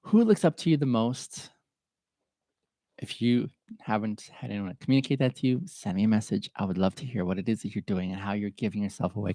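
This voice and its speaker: An earnest middle-aged man talks straight into the mic in a reflective solo podcast, voice sitting on the low side. He sounds openly emotional and a little stuffed up, sniffing now and then. The sound is close and dry. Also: darkish tone, no room sound. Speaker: podcast host.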